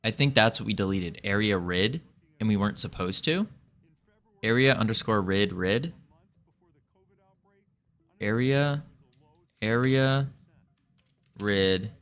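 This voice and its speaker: Soft background music plays behind a man with a lowish, fairly bright voice who takes things slowly with long pauses. He mutters while reading code during a game development live stream and jokes self-deprecatingly in casual coding commentary.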